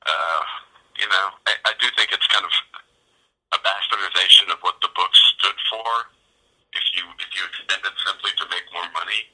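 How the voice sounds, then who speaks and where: Sex: man. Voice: very low, very bright. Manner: hesitant, thinking aloud. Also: fairly even intonation, normal speed, slightly rough, rough recording. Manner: hesitant, many restarts and fillers. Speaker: podcast co-host. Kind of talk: casual film discussion.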